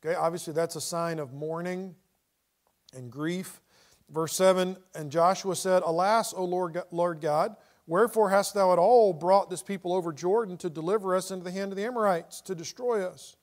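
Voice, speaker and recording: A man's voice: high-pitched, moderate pace. A middle-aged man teaching a Bible study in a conversational way, reading scripture aloud with dramatic inflection.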